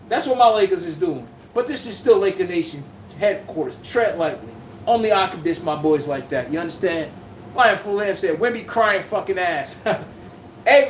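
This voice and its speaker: A man hosting a live-streamed sports podcast, talking to the chat in a loud, profane trash-talking manner. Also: high-pitched. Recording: echoey room from far off, faint noise.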